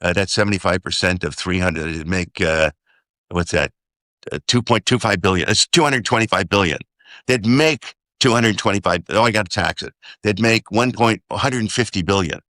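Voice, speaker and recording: A man's voice: low voice, normal speed, pushed and bright, no echo, clean studio sound. A man speaking as an investor guest in a casual interview, rambling, working out sums aloud and often checking "okay?".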